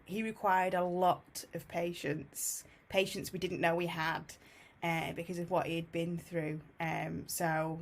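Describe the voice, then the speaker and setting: Woman, podcast host, interviewer, gentle, measured questions. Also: on the low side.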